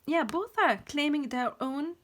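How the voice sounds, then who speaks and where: A woman's voice: high voice, expressive, a little slow, fairly bright tone. A woman giving a pick-a-card tarot reading on her channel. She rambles, apologizes often, talks about spiritual ideas and drops to a whisper now and then.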